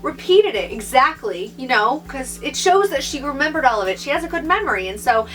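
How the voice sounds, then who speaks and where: A woman's voice: high-pitched, sing-song, fairly quick, a bit bright, far from the mic, soft background music, rough recording. A young woman vlogging casually, sarcastic and rambling, recorded on a phone camera. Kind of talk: casual vlog reading.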